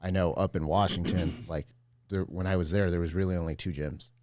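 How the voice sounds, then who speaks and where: A man chatting casually as a podcast guest, laid-back and quick to laugh. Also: low voice, fairly even intonation, darkish tone, no room sound, studio quality. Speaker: podcast guest, jiu-jitsu black belt.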